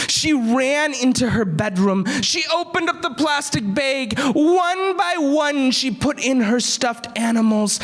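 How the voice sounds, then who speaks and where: High, slow, dramatic storytelling man. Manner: dramatic, swings between loud bursts and hushed whispers. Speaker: children's storyteller. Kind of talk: animated storytelling for kids.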